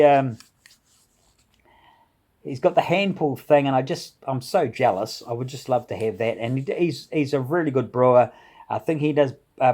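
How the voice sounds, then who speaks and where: A middle-aged man with a mid-range, darkish voice hosts a home brewing vlog, giving casual shout-outs. He chats enthusiastically, rambling a little and chuckling along the way.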